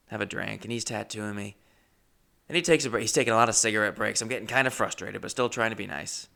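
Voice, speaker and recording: A male comedian telling a story with profane, animated anecdote-telling. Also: on the low side, fast, vocal fry.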